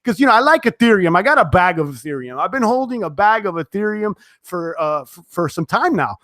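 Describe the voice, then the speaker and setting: A young man with a fairly high voice hosts a casual live stream and talks straight to his viewers. He speaks loosely, full of fillers and restarts, and his voice sounds dry and close with no room echo. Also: big pitch swings, brisk, fairly bright tone. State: sweating, tiring. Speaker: crypto live-stream host. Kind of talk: live-stream chat reading viewer comments.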